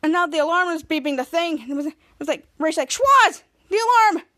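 A fast-talking woman with a high, somewhat bright voice hosts a podcast, casually recapping an episode one scene at a time. Her rambling account is full of "cut to" and "he's like."

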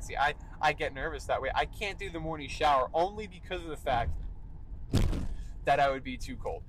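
A man's voice: a little high, a little fast, a bit bright, a little hiss or hum, rough recording. A young man hosting a solo podcast, talking emphatically and tagging "all right" onto his points. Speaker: podcast host.

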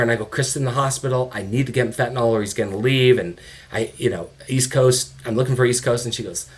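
Middle-aged man, interview guest, candid and animated storyteller. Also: mid-range voice, a little fast. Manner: animated, swears, quotes people in their own voices. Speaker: guest, father of an addicted son.

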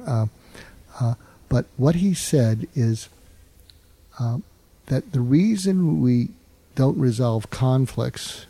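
An older man, a psychiatrist and author, explaining advice in an interview in an earnest way, often restarting and filling pauses with "uh". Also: mid-range voice, warm tone, no echo. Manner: earnest, fills pauses with "uh", restarts and repeats words.

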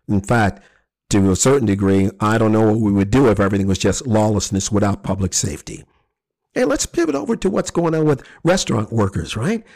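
Casting: man, lowish voice, relaxed solo commentary, chatty asides, corrects himself mid-sentence. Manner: conversational, with asides and self-corrections.

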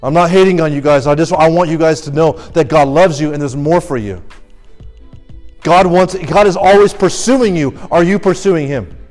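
A young man preaching a sermon, urging listeners with rapid rhetorical questions. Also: fairly high pitch, a little mellow, faint music behind.

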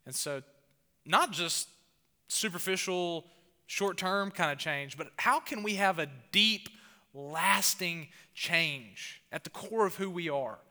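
A man's voice: sits high, takes it slowly, in a large hall. A man with a Southern US accent, preaching a sermon in a church and telling stories with rising emphasis. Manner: animated storytelling with rising emphasis. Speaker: pastor. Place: church hall.

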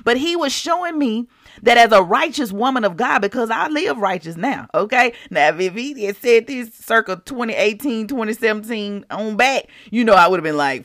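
A woman hosting a podcast in a casual, animated faith talk, speaking straight to her listeners and laughing often. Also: a little high, moderate pace, no room sound, clean studio sound. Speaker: podcast host.

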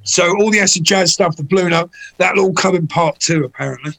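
A man's voice: sits high, fairly quick, creaky, low-quality recording. A middle-aged man, telling anecdotes as a guest in a casual chat. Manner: anecdotal, animated when voicing people in stories.

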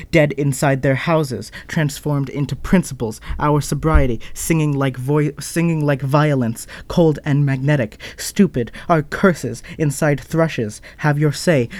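A man's voice: fairly high pitch, darkish tone, no echo. A man performing experimental spoken-word poetry in a fragmented, associative way, breaking off with asides and apologies.

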